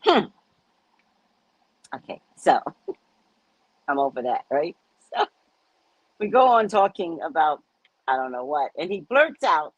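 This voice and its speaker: Telling stories in a relaxed chat, this woman podcast host speaks slowly with frequent pauses, her husky voice making big pitch swings as she acts out the dialogue. She's blunt, profane, and quick to laugh. The rough recording has no echo.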